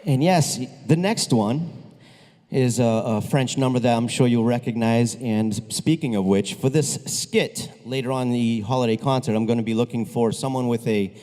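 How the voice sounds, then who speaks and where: A man's voice: medium pitch, normal speed, mellow. A man leading a school concert, speaking to the audience between pieces in a chatty, upbeat way with restarts and asides. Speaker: school band director. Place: school auditorium. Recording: long reverb of a large hall.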